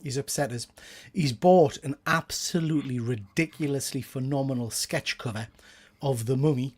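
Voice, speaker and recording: A man's voice: medium pitch, moderate pace, a little mellow. A man with a Geordie accent hosting a casual live-stream chat, greeting viewers by name and laughing often. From Northeast England. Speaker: host.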